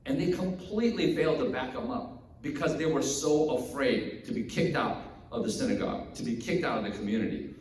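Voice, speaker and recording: A man's voice: mid-range voice, fairly quick, slight background noise. Preaching man in an echoing church. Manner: conversational storytelling, animated, acts out characters. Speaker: pastor. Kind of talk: sermon. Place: church sanctuary. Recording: echoey hall from far off.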